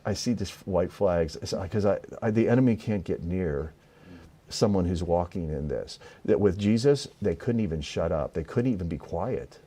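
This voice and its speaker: A man, a minister, telling a spiritual story in an interview, earnest and halting with frequent restarts. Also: low voice, animated, dark tone, husky.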